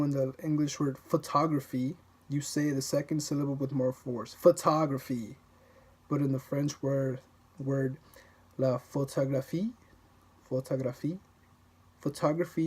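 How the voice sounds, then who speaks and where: A man's voice: medium pitch, mellow, slightly rough. A man reading a language textbook aloud for self-study, repeating words over and over to practice them and often stumbling and restarting his sentences.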